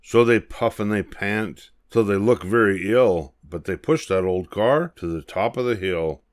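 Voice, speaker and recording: An older man reading a rhyming children's picture book aloud in a gentle, sing-song manner. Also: fairly low pitch, unhurried, no room sound, clean studio sound. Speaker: storybook reader.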